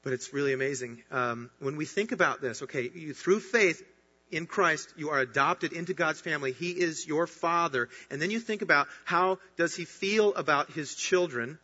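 A man's voice: on the high side, moderate pace, slightly rough. Guy pastor preaching, emphatic and earnest, kinda dull muffled sound with long church echo. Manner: earnest, emphatic preaching with rising bursts of excitement. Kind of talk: sermon.

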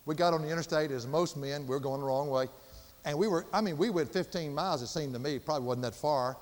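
An older man preaching a sermon with passion, swinging from loud emphasis to hushed, quiet tones. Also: fairly high pitch, quick pace, in a large hall. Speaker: pastor.

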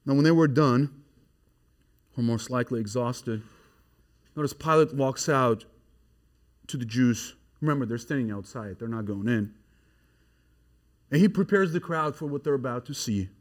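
A man preaching an expository sermon, swinging from hushed, grave passages to loud, excited emphasis. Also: medium pitch, normal speed, long pauses.

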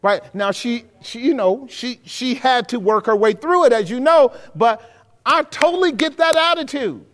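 A man's voice: very high-pitched, expressive, normal speed, fairly bright tone. A male pastor preaching a sermon in a conversational way, often checking that his listeners are keeping up. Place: church hall with a live audience. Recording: long hall reverb.

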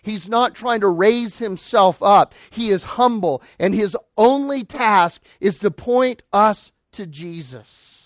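A man with a high voice delivers an emphatic sermon from the pulpit. He swings between ringing declarations and hushed, slower asides. The recording is dry and close. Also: lively intonation, no echo. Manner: emphatic preaching, swinging between loud declarations and quiet lines. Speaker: pastor.

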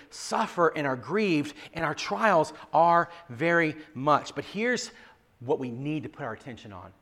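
A male pastor preaching a sermon in an earnest way, often repeating words and moving between loud emphasis and quiet asides. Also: a little high.

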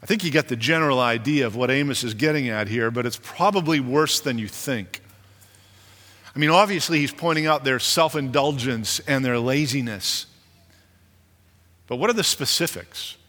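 Pastor guy preaching, bright punchy voice, lots of hall echo. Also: normal speed. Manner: animated, acts out quoted leaders with rising pitch. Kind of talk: sermon. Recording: long hall reverb.

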